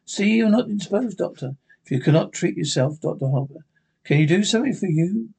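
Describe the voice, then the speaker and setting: A man reading the part of a mysterious older male stranger who rambles and teases, with a husky voice. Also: sits high, animated, brisk, a little mellow, full character voice. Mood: sly. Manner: rambling, teasing, suddenly fierce.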